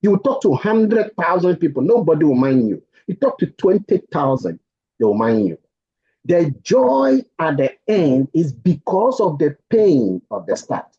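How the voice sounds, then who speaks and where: A man coaches his group with a high voice that swoops animatedly as he repeats his maxims. His delivery is preachy and insistent. The audio is dull and lo-fi, like sound from an online call. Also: big pitch swings, unhurried, mellow. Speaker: program leader. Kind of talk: motivational coaching.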